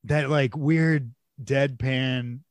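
A man's voice: medium pitch, fairly even intonation, extremely slow, no room sound. A man co-hosting a podcast in casual chat, enthusiastic and profane, often ending lines with "man". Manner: enthusiastic, swears, says man a lot. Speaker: podcast co-host.

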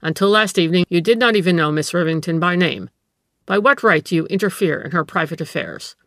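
Stern colonel, read by a woman: curt, commanding, lowish, dry. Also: expressive, brisk, a bit bright, dry recording. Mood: stern, demanding. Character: stern army colonel, proud and demanding.

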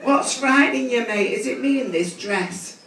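Very high-voiced and fairly bright in tone, with vocal fry, a man in drag delivers live stand-up at normal speed. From a large theatre stage he needles the crowd with crude, brash banter while laughter rings through the distant, echoey recording.

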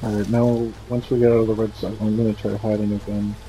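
A man's voice: lowish voice, level tone, quick pace, rough recording. A man chatting casually while playing a game with a friend, laughing and swearing often. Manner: laughing, swearing, yelling in bursts. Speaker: gamer. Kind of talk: casual gameplay chat.

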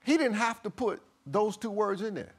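This is a man giving a sermon, reciting scripture in an even cadence while alternating between hushed low tones and loud, high surges. His delivery is expressive and husky.

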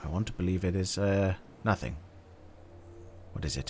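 A man doing jokey game commentary, talking to himself with sudden excited yelps. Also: fairly low pitch, moderate pace, a little hiss or hum. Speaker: gaming channel host.

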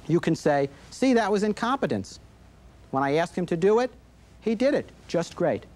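Lively, high-voiced man explaining to parents. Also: normal speed. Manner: explanatory, acts out parent and child quotes. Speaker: child behavior expert. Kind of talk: instructional talk to parents. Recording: 1980s videotape recording.

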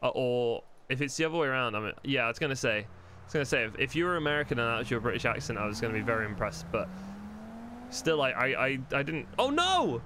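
A male streamer talks to his viewers at a middle pitch while he plays, rambling and thinking out loud. He swears casually and often. A faint noise sits under his voice. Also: quick pace. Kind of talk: live-streamed roleplay gameplay chat.

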